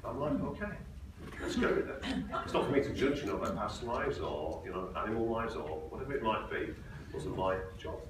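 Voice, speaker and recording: A man presenting at a conference, telling a client story in a relaxed, matter-of-fact way. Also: fairly low pitch, quick pace, hardly any pauses. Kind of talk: conference talk with anecdotes. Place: conference hall. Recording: very echoey hall, distant mic, noisy.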